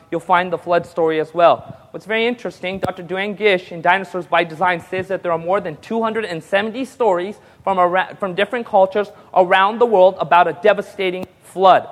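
A man preaching a sermon, telling stories and rising to excited peaks with call-and-response amens. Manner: storytelling, builds to excited high-pitched peaks. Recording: long hall reverb.

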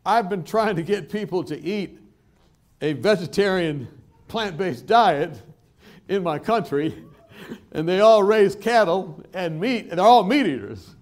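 A man voicing a scarred, fervent African man in a sermon anecdote, shouting his defiance in a high, loud voice. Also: lively intonation, unhurried.

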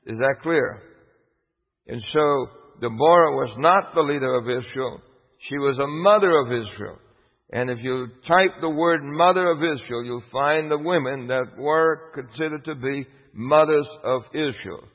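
A man's voice: mid-range voice, unhurried. A man preaching a sermon emphatically, putting rhetorical questions to his listeners. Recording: dull lo-fi with long hall reverb.

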